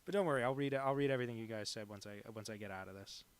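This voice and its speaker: A man streaming live as a cartoonist, chatting casually while he draws and rambling through deadpan jokes. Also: fairly low pitch, racing, smooth.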